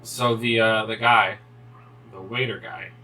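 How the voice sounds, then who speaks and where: Bright-voiced young man telling a rambling story. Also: on the low side, steady tone, unhurried, distant mic, slight background noise, rough recording. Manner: rambling storyteller, swears, many restarts. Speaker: gaming video co-host. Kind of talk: casual chat while playing.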